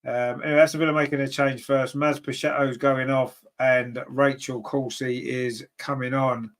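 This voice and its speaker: A man hosting a fan watchalong, calling a live football match and reading viewer comments. He is partisan, grumbles at team choices, and his voice climbs sharply in pitch and loudness when a chance comes. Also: level tone, moderate pace. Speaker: fan commentator and channel host.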